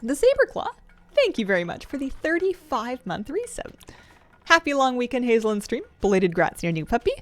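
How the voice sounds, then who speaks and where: A woman's voice: a little high, very animated, brisk. A woman streamer chatting casually while playing, thinking aloud and laughing often. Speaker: game streamer. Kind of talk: casual gameplay commentary.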